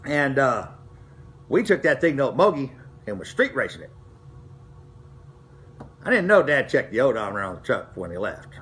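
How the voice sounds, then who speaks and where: A man's voice: mid-range voice, sing-song, moderate pace, pauses often, fairly bright tone. A middle-aged man, telling racing stories from his past in a folksy, rambling way, full of restarts. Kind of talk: casual storytelling to camera.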